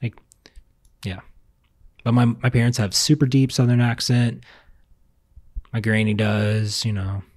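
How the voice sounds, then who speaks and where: A man's voice: mid-range voice, fairly even intonation, a little slow, long pauses, darkish tone, dry recording, studio quality. A young man from Virginia chatting casually at home, telling stories in a rambling, self-correcting way. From Virginia, US South. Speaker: vlogger. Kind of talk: casual chat. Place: home, indoors.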